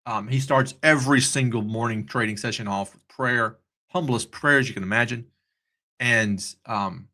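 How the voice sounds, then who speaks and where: A man's voice: mid-range voice, normal speed, pushed and bright. A man hosting a live trading stream, chatty and upbeat, easily sidetracked as he talks through charts. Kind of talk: casual live-stream commentary.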